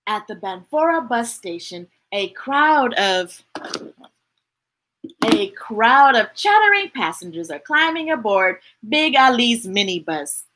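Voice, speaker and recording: A woman reading picture books aloud to children in a playful, expressive way, asking her listeners questions. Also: fairly high pitch, unhurried. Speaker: storytime reader.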